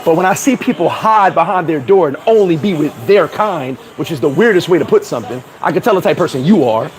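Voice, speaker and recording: A higher-voiced man, ranting loosely and bluntly to a live chat. His talk is profane and animated, and he breaks into laughter at his own slips. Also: fast. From New York. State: sweating in the heat. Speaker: vlogger talking to live chat. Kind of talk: casual livestream rant. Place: hot corner, Caribbean town.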